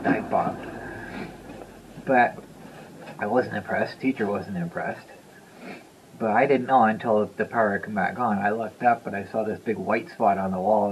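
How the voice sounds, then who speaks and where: A man's voice: fairly low pitch, slight background noise, rough recording. A man in his fifties telling a story to the camera in a loose, rambling way, chuckling and repeating himself. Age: 50s. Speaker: vlogger. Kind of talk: casual storytelling.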